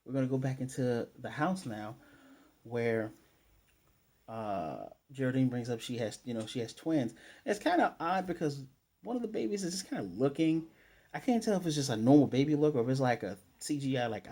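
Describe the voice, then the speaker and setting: Mellow-voiced man rambling through a recap. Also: mid-range voice, animated, normal speed. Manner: rambling, loose, with frequent fillers and self-corrections. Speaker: TV episode reviewer. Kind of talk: casual spoiler recap and theorizing.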